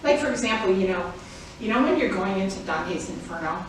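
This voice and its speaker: A woman's voice: mid-range voice, animated, a little fast. An older woman giving an informal, chatty performance talk as an author at a library, laughing often as she speaks. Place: public library event room. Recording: very echoey room, distant mic, faint noise.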